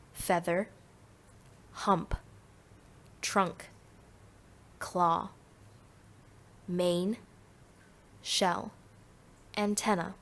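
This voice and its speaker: A woman reading flashcard words one at a time with clear pauses, as a pronunciation guide for young learners. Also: on the low side. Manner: slow, careful, one word at a time with pauses.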